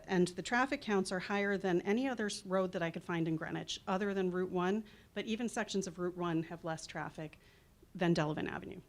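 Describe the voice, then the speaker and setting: A woman making a chatty, self-deprecating public comment at a town meeting, citing traffic counts and crash data. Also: lowish voice.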